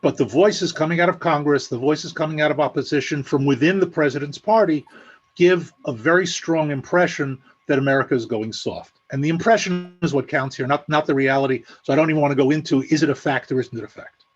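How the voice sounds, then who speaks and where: A man with a slightly high voice lays out his analysis in a measured, explanatory way and drops in an occasional dry, sarcastic aside. The sound comes through as muffled, lo-fi call audio. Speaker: guest analyst. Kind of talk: spoken analysis at an online meeting.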